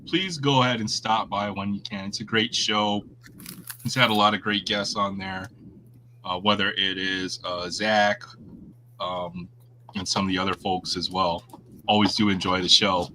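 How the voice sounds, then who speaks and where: Host, man, very bright tone, light hiss; easygoing rambling sports chat. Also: lowish voice, steady tone, normal speed, rough recording. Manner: friendly, rambling, lots of fillers and restarts. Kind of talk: casual sports chat on a livestream.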